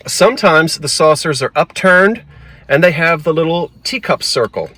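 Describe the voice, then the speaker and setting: A man's voice: on the high side, animated, normal speed, bright, forceful tone, a little hiss or hum. Chatty South Jersey man thrifting. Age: 40s to 50s. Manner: chatty, talks to himself while browsing. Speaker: antiques vlogger. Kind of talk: casual thrifting vlog. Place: thrift store aisles, then a parked car.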